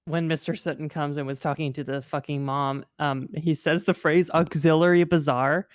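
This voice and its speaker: Low-voiced woman in casual podcast chat. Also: steady tone, normal speed, no echo, studio quality. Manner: swears a lot, laughs often. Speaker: podcast co-host.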